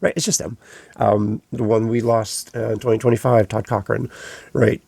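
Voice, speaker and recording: A man's voice: fairly low pitch, normal speed, creaky, husky, no room sound. A man hosting a casual podcast conversation, telling stories and acting out the voices of the people he quotes. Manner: lively storyteller who acts out quoted voices. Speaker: podcast host.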